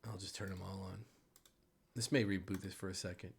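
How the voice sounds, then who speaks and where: A man running a tabletop game as game master, narrating the scene and chatting at an unhurried pace. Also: low-pitched, little pitch movement, gravelly, husky. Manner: unhurried, mutters while fixing software.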